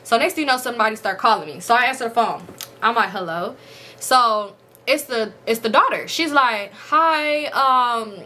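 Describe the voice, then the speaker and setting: Bright-voiced young woman telling a story. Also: on the high side, a little fast, slight background noise. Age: 20s. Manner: animated, swears, acts out dialogue. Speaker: storytime vlogger. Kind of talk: casual storytelling.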